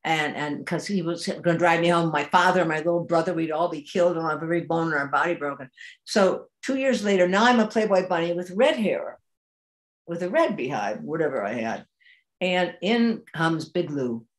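An older actress, a woman, telling a lively anecdote in an interview with laughter and animation. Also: lowish voice, moderate pace. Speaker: actress guest. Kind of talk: anecdotal storytelling.

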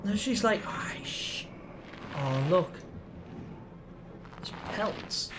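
A man commenting on a horror game as he plays it, excitable and swearing a lot. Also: on the high side, noisy background. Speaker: gaming YouTuber. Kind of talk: let's play commentary.

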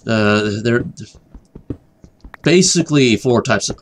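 A man rambling through a gameplay commentary, repeating himself, drifting off topic and dropping into excited whispers. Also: fairly low pitch, a little slow, a little hiss or hum. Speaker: gaming commentator. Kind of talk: rambling let's-play commentary.

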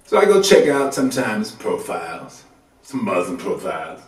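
Here's a stand-up comic on a club stage with a lowish voice at a normal pace. He keeps the talk loose and conversational, swinging lively in his colloquial delivery, all caught from a distant mic in a roomy club space.

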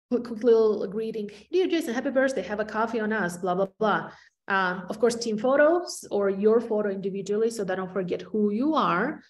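Woman, middle-aged, non-native English accent, energetic and emphatic, repeats words for stress, training talk, video call mic. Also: medium pitch. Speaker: real estate agent presenting to peers.

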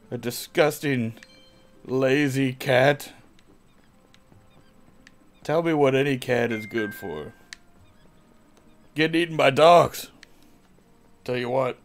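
A man's voice: mid-range voice, natural voice. A man playing a ranting cat-hating dog. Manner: crude, ranting, growls and barks, bursts of yelling. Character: gruff cat-hating talking dog, adult male, easily angered. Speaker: streamer playing a character. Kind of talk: in-character live game stream.

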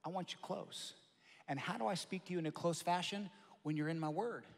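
A male pastor preaching a sermon, swinging between loud emphatic lines and soft hushed asides. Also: a little high, fast. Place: large church hall. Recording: long hall reverb.

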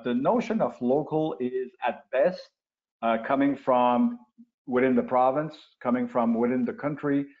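In a webinar interview, an expert guest, an older francophone man from Quebec, Canada, explains his answers with frequent restarts and "uh" fillers. His mid-range voice is heard through a video call in muffled, lo-fi webinar sound.

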